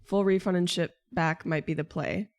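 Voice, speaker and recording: A woman's voice: on the low side, steady tone, moderate pace, darkish tone. A young woman streamer venting to her viewers in casual chat, exasperated, swearing and rambling.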